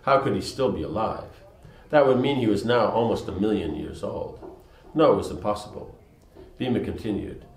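A man's voice: on the low side, expressive, normal speed, reverberant, rough recording. A man reading a scripture story aloud and explaining it in a conversational way, with lots of fillers. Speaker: storyteller and teacher.

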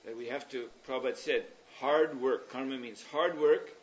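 A man leading a religious class, explaining ideas at length in a thoughtful, meandering way with pauses and fillers. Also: medium pitch. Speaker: spiritual teacher leading a class. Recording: dull lo-fi recording.

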